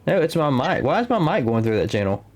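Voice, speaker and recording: A man's voice: a little high, very animated, quick pace, darkish tone, slight background noise. A man co-hosting a live game stream, chatting casually, joking and talking openly about his own life. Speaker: stream co-host and commentator.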